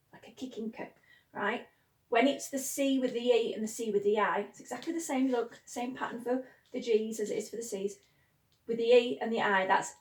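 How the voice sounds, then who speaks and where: Woman teacher chatting through a pronunciation lesson, medium pitch, roomy echo. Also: distant mic. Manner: chatty, repeats syllables in sing-song chants. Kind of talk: classroom pronunciation lesson with chants. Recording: echoey room.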